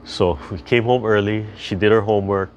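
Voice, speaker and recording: An older man leading a tai chi class over a video call, chatty and gentle as he rambles through stories and calm instructions. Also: on the low side, normal speed, a little hiss or hum.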